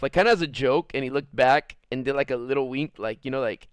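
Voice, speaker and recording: A man's voice: mid-range voice, quick pace, few pauses, a bit bright, clear, resonant tone, dry recording, clean studio sound. A man streaming live, telling rambling stories to his chat and acting out quotes in jumping voices, with a lot of swearing. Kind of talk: casual storytelling to live chat.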